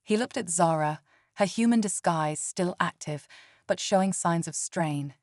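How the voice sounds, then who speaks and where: A woman narrating a science fiction audiobook story in an even, steady way. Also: fairly low pitch, a little slow, no room sound, clean studio sound.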